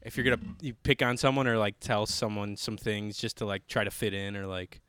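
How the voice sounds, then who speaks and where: A man's voice: fairly low pitch, steady tone, brisk, a bit bright, clean tone. A young man hosting a podcast, bantering casually with fillers and swearing. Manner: joking, profane, loose with fillers. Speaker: podcast host.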